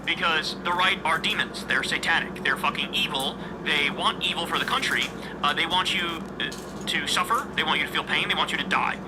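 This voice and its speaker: A man's voice: on the high side, a little fast, background noise. A man reading news aloud and breaking into heated, profane, mocking commentary. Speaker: political commentary streamer.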